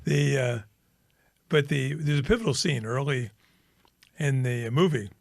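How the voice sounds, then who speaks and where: A man co-hosting a podcast, telling a story in a casual, animated way and acting out the characters. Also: a little slow, gravelly, no room sound, studio quality. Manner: animated storyteller, acts out characters with pitch jumps. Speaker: podcast co-host. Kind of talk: casual chat, retelling a film joke.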